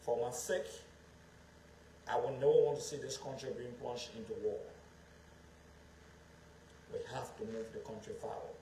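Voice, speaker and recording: A man's voice: medium pitch, steady tone, normal speed, long pauses, warm tone, slight background noise. A man from Liberia, giving an emphatic public speech as a political speaker and repeating his phrases for effect. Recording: echoey room with faint background ambience.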